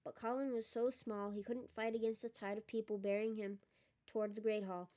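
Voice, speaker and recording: Woman reading a storybook, warm tone. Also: mid-range voice, little pitch movement, brisk. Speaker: audiobook reader. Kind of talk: storybook narration.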